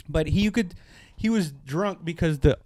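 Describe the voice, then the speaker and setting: A man co-hosting a comedy podcast, telling a long street story in casual chat and acting out the shouted lines of the people in it. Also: on the high side, no room sound, clean studio sound. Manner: animated storyteller, acts out shouted quotes, profane. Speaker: podcast co-host.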